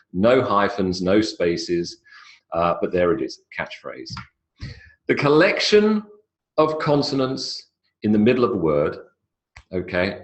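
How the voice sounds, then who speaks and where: A man giving a live online English pronunciation lecture in a chatty, explanatory way. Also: deep voice. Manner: chatty, explanatory, stretches words for emphasis.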